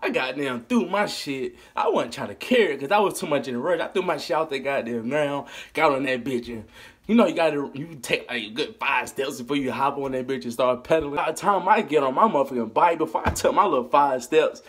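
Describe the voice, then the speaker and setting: A man telling a funny story about his youth in a casual, animated, profane way, laughing as he goes. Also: medium pitch, brisk, husky. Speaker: vlogger.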